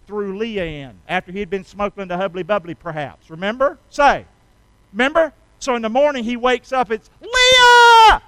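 A middle-aged man preaching a sermon, calling on the congregation to repeat lines with him and rising loud on key phrases. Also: high voice, a little fast, smooth, dry recording, low-quality recording. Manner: call-and-response preaching, asks congregation to repeat. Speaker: pastor.

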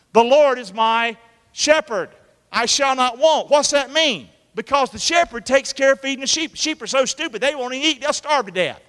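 A man's voice: very high-pitched, fairly bright tone. A man preaching a folksy sermon in church, calling out to the congregation and acting out quotes. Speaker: pastor. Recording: echoey hall.

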